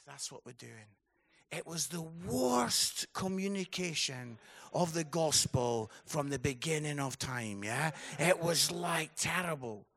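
A man delivers a conference sermon with a gravelly, creaky edge to his voice. He speaks slowly and deliberately, letting stories unfold before rising into passionate exhortation. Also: a little high, sharp tone. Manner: storytelling, building to passionate exhortation. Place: conference hall.

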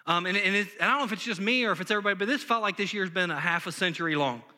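Young guy pastor, high bright voice, chatty sermon, lots of likes. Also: very fast. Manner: casual, conversational preaching with many "like" fillers.

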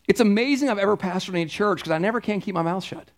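A man's voice: high-pitched, fast, few pauses. A middle-aged man, preaching a conversational sermon in a church, anecdotal and emphatic. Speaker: pastor.

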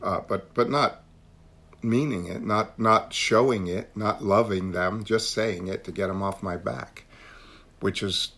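A man's voice: fairly low pitch, measured pace, a bit bright. A man leading a recovery meeting on a call, talking earnestly and repeating phrases for emphasis. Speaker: meeting leader.

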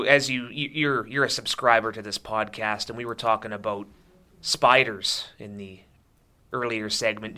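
A man's voice: fairly low pitch, sharp tone, clean tone. A man hosting a casual podcast, introducing the guest and leading the chat with friendly questions. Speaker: podcast host.

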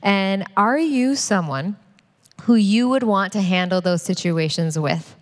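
A middle-aged woman co-preaching a sermon with her husband, earnest and quick to laugh. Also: medium pitch. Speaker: pastor's wife, co-preacher. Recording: long hall reverb.

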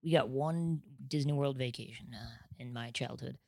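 A young man from Nebraska, a podcast guest chatting casually and rambling through stories with quick self-interruptions. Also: medium pitch, gravelly, a little mellow. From Nebraska, USA. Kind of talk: casual chat.

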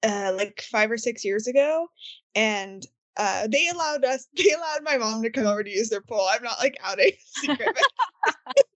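Woman podcast co-host, high and slightly husky, animated anecdotes, dry sound. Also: normal speed, no room sound. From Southern California. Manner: animated storyteller, laughs mid-sentence. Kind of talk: casual chat.

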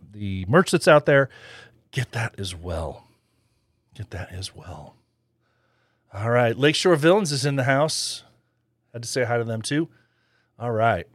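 Man, podcast host, low voice, dry close sound, rambling casual chat. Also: no room sound. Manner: chatty, rambling, laughs often.

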